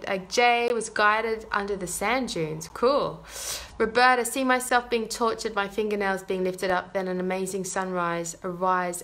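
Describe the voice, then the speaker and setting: A woman energy healer guiding a live meditation in a soft, unhurried voice, repeating gentle affirmations and then reading viewer comments aloud. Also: mid-range voice.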